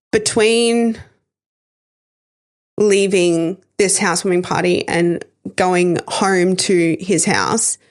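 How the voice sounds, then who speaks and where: A woman, hosting a podcast and candidly telling a painful personal story, emotional and swearing at times. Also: fairly low pitch. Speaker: podcast host sharing her story.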